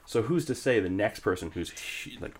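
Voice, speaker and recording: A man's voice: on the low side, expressive, fairly quick. A man co-hosting a podcast in casual chat, reasoning through his points in an argumentative way. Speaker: podcast co-host.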